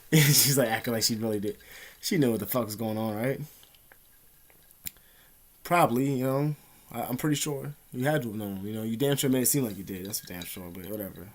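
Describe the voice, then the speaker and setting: A man's voice: medium pitch, a little fast, long pauses. Profane rambling young man. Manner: rambling, profane, streetwise slang. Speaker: vlogger. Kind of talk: casual storytelling to camera. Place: indoor room.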